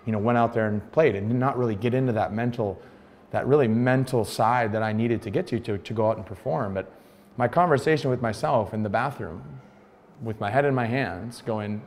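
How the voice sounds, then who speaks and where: A man's voice: mid-range voice, brisk, a little hiss or hum. An American man in his thirties, a former pro soccer player, recounting his story in an interview and acting out the dialogue he quotes. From United States. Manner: animated retelling, acts out quoted dialogue.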